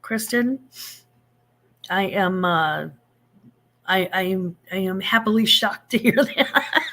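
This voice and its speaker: A woman in her fifties talks through a casual live-stream chat at a middle pitch. She rambles with plenty of ums and restarts, and calls her viewers sugar and honey. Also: slow, sharp tone. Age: 50s. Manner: chatty and rambling, with frequent fillers and restarts; affectionate, greets viewers with endearments.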